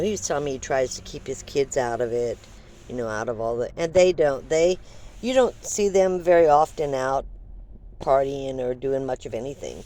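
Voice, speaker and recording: A woman's voice: sits low, a little mellow, a little hiss or hum. An older woman vlogger telling a rambling, chatty story full of fillers. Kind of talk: casual storytelling.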